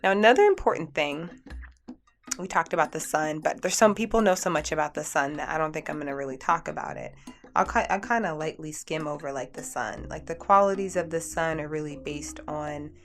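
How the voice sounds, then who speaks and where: A woman's voice: sits low, fairly quick, slight background noise. A woman hosting a radio show, talking casually and upbeat with many "like"s and restarts. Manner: chatty, upbeat, full of "like" and restarts. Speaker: radio show host and energy healer. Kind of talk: casual talk radio monologue.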